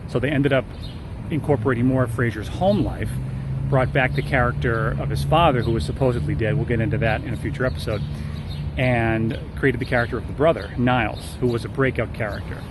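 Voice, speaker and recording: A man's voice: medium pitch, steady tone, a little fast, noisy background. A man talking casually about a TV episode, thinking aloud with fillers and restarts. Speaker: TV show reviewer. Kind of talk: casual spoken commentary.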